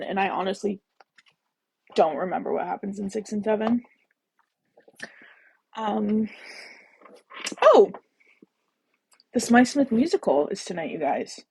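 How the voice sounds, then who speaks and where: A woman's voice: mid-range voice, gravelly, dark tone, husky, poor audio. A woman hosting a book-reading livestream, chatting casually and bubbly with viewers, full of jokey asides. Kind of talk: casual live chat with viewers.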